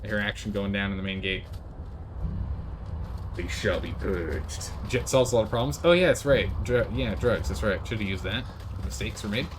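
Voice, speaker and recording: A man giving casual, joking commentary while playing a video game, excitable and quick to panic. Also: on the low side, background noise. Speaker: gaming streamer.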